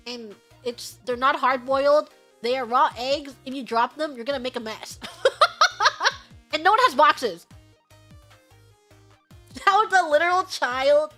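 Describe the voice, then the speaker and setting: Bubbly, high, bright-voiced young woman. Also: animated, unhurried, long pauses, faint music behind. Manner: bubbly, giggly, sings snatches of songs. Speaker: streamer reading superchats. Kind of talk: casual livestream chat.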